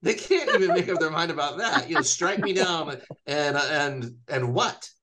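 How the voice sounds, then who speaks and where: A man co-hosting a casual chat over a video call, animated and laughing often. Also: fairly high pitch, normal speed, heavy background noise. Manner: animated, laughs often, acts out villain lines. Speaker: podcast co-host.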